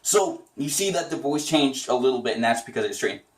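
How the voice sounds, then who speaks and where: A man's voice: mid-range voice, quick pace, roomy sound. A man giving a casual, chatty tutorial on doing a cartoon voice, enthusiastic and rambling. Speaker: voice impression tutor.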